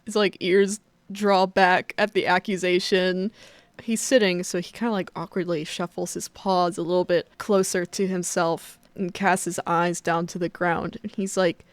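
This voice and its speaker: A woman narrating a tabletop game as game master, casual and relaxed. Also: on the low side, moderate pace, dry recording.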